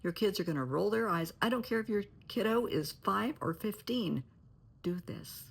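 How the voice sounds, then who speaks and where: A woman's voice: medium pitch, lively intonation, moderate pace, creaky, husky. A middle-aged woman therapist giving earnest, cautionary advice to parents, often dropping to a near-whisper. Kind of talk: direct-to-camera advice talk.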